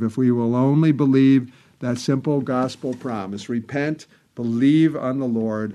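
A man preaching a sermon, speaking in measured phrases, repeating words for emphasis and quoting old scripture wording. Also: medium pitch, darkish tone.

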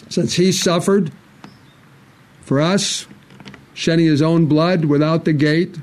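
Male preacher, earnest and insistent, voice pitched a little high, works through scripture and rhetorical questions. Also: a little mellow. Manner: reads scripture aloud in King James wording. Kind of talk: sermon.

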